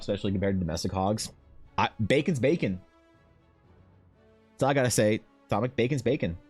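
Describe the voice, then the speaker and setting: Rich: A young Canadian man in casual live-stream chat, swearing freely and joking as he answers viewers. His pitch sits in the middle range. Faint music plays underneath. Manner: profane, joking, reading chat aloud. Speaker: streamer and artist.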